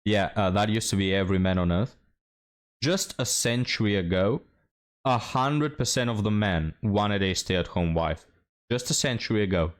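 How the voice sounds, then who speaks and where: A man's voice: fairly low pitch, expressive, normal speed. A man hosting a reaction commentary, talking bluntly and mockingly with a lot of swearing. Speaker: commentary host.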